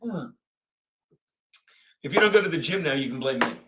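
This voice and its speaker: Against a noisy background, a man with a fairly high, animated voice speaks at a normal pace while hosting a livestream. He rambles and rants crudely with plenty of profanity, laughing often as he reads the chat.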